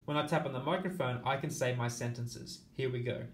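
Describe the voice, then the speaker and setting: A man's voice: mid-range voice, brisk, reverberant, a little hiss or hum. A man teaching an app tutorial, explaining each step in order and counting aloud as he goes. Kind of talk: screen-recorded tutorial walkthrough.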